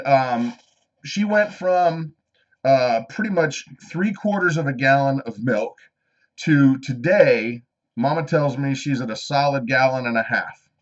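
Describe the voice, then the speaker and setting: A man hosting a homestead live stream, chatting casually and reading out viewer comments as he goes. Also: mid-range voice. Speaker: homestead channel host. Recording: slightly dull lo-fi live stream audio.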